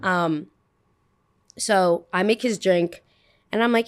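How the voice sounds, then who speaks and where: A young woman spills a story in a loose, chatty vlog style, acting out her own replies. Her voice sits at an ordinary middle pitch and rushes forward in quick bursts when she gets worked up. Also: smooth. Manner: animated retelling, full of "I was like" quotes, bursts of fast talk.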